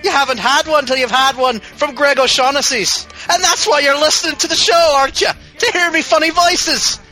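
A man's voice: very high-pitched, fairly even intonation, a little fast, pushed and bright, soft background music, voice pushed up. A man putting on a hammy stage-Irish blowhard. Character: jolly blustering Irish-style man, put-on brogue.

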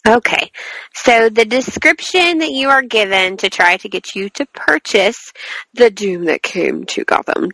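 Bright, chatty podcast co-host woman. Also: on the high side, lively intonation, a little slow, no echo, rough recording. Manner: chatty, laughs at her own slips and trips over words. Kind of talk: casual chat and reading a book blurb aloud.

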